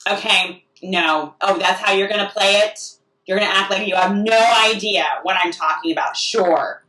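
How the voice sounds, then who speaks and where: A woman's voice: medium pitch, moderate pace, bright, forceful tone. A woman delivering a rambling comic monologue, often restarting her sentences. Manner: rambling and self-interrupting, full of restarts. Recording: echoey room, distant mic.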